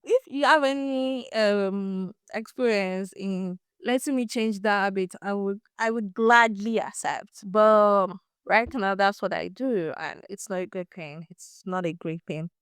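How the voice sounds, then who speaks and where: A young Nigerian woman hosting a casual solo podcast, chatty and animated, laughing often and repeating words as she goes. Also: medium pitch, measured pace, hardly any pauses, clear, resonant tone, no echo, clean studio sound. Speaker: podcast host.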